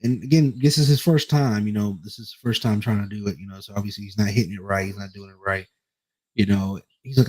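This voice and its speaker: A man's voice: fairly low pitch, expressive, fast, warm tone. Rambling casual male co-host. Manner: rambling, repeats himself while telling stories. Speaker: podcast co-host. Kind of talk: casual storytelling chat.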